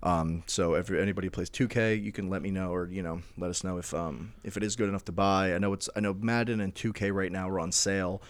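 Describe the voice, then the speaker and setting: A man's voice: low voice, steady tone, fast, hardly any pauses, dry recording. A man co-hosting a podcast, telling a long story in casual chat with lots of fillers and restarts. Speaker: podcast co-host.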